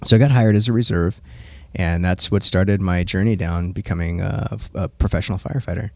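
A man in his thirties talks through his life story as a podcast guest, rambling earnestly with a ready laugh. His voice sits very low. The studio recording is close and completely dry. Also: fairly even intonation, fairly quick, gravelly, no room sound. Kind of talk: casual interview chat.

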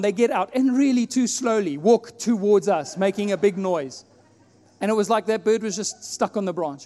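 A man from South Africa preaching a sermon in a church, telling a personal story and acting out his own prayers with animated delivery. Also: sits high. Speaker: pastor. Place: church hall. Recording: long hall reverb, faint music.

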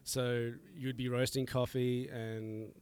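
A man's voice: medium pitch, flat delivery, slow, darkish tone, slight background noise. A middle-aged man, a coffee roaster, talking in a laid-back way with frequent chuckles and fillers on a casual podcast recorded outdoors.

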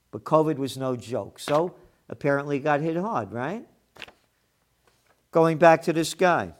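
Combative man ranting commentary. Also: fairly high pitch. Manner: combative, sarcastic, swears when angry. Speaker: host of a trends commentary show. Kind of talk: opinionated monologue commentary.

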